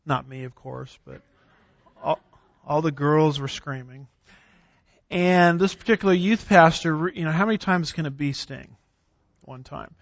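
Male theology lecturer, a touch high-pitched, deliberate scripture reading, dry dull lo-fi recording. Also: dry recording. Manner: reads scripture slowly with emphasis; clears throat, occasional fillers. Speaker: theology teacher. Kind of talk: classroom lecture on doctrine.

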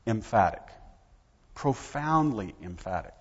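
A man's voice: medium pitch, expressive, a little slow, husky. A man preaching a sermon, emphatic and full of rhetorical questions to his congregation, recorded in a church sanctuary. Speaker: pastor. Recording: dull sound, long hall reverb.

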